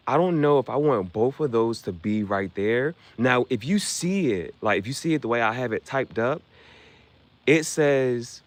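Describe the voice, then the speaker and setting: Animated rambling man on a livestream. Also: mid-range voice. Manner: rambling, slangy, jumps between topics. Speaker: streamer designing merch shirts. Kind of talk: casual livestream chat.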